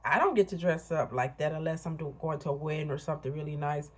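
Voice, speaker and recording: Speaking fast in a voice that sits low, this Illinois vlogger in her fifties gives a casual, blunt motivational monologue, chatting candidly with her viewers in asides.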